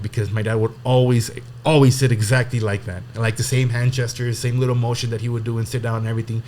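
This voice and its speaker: A man's voice: mid-range voice, little pitch movement, quick pace, hardly any pauses, a little mellow, slight background noise. Rambling young man telling a story. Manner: rambling, many fillers and restarts, swears casually. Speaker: podcast guest telling a story. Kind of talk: casual storytelling chat.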